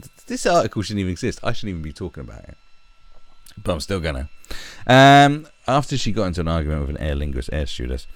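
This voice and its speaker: A man ranting profanely as a stream commentator, with animated, exasperated outbursts. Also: deep voice.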